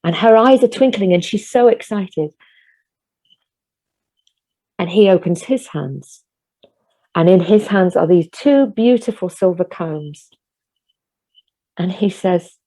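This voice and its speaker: A woman telling a folk tale at an online concert over a video call, gentle, measured and vivid. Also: lowish voice, animated. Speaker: folk storyteller.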